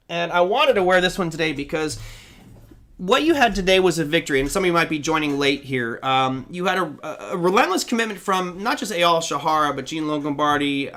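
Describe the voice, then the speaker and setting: A man's voice: a little high, bright, forceful tone. A man hosting a live online trading show, talking energetically and rambling with fillers into a desk microphone. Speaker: host.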